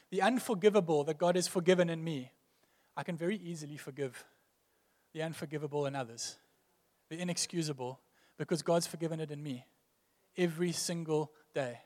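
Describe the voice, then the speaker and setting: Guy preaching in church, earnest, keeps repeating lines for emphasis, lots of echo. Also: fairly high pitch. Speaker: pastor. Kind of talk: sermon.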